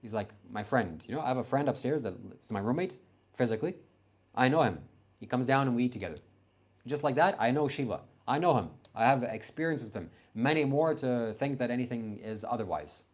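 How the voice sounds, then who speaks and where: A man's voice: medium pitch, lively intonation, brisk. A young man from Canada in his late teens, answering his livestream chat in a blunt, confrontational, self-assured way.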